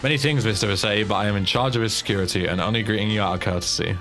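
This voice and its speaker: A man's voice: on the low side, very fast, fairly bright tone, soft background music. A man voicing a formal, overly well-spoken security chief for a gang boss.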